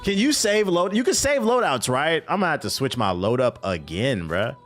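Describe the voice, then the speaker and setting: Guy streaming a game live, gets loud and exasperated, voice jumps all over, music under it. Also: on the high side, big pitch swings, moderate pace. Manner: loud, exasperated, swearing, laughing outbursts. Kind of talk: live gameplay commentary.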